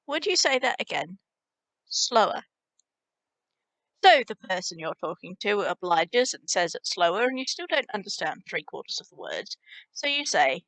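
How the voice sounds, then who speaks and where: A woman teaching a spoken language lesson casually, repeating example phrases slowly and clearly for learners to practise. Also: mid-range voice, big pitch swings, a bit bright, no room sound.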